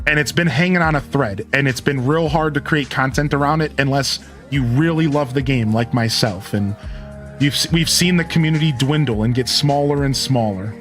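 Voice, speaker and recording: A man's voice: mid-range voice, a bit bright. A man streaming live, chatting in a rambling, casual way and answering his chat.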